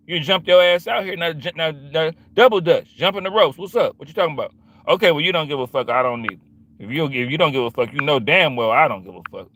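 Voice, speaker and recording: Bright-voiced man ranting on a livestream. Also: fairly high pitch, expressive, fast talker. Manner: confrontational, repetitive and slangy. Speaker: livestream host. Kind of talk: livestream rant to chat.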